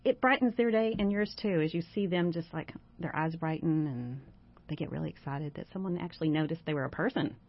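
A woman guest life coach talks casually about gratitude, offering warm, encouraging advice laid out step by step. Her voice sits low and moves briskly, captured in dry, dull lo-fi sound.

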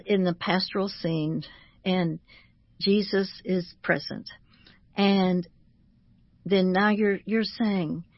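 A woman with a low, husky voice speaks as a Christian author on a talk show. She teaches in a measured way and slows down to lean on each word. The sound is dry and slightly muffled, as on lo-fi radio. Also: no echo. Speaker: guest, Christian author and ministry founder.

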